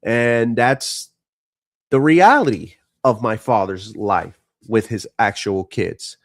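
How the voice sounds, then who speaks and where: A man's voice: lowish voice, slow pace, no room sound, clean studio sound. A man streaming live, frankly telling a personal family story in a casual, profane and emotional way.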